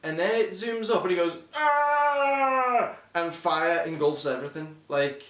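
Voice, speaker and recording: A male podcast co-host talks through a film in loose, rambling chat, swearing often and restarting his sentences. His voice sits a little high. The sound is roomy and echoey, and he is set back from the microphone. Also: brisk, a bit bright, distant mic. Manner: rambling, profane, acts out quotes in silly voices. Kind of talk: casual film review chat. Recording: echoey room, slightly off-mic.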